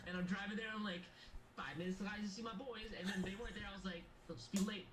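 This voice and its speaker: A man's voice: high-pitched, fast, very noisy. A man guest in a casual talk show, telling stories about himself with a self-mocking, laughing manner. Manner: self-deprecating, laughing storyteller. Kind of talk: casual chat.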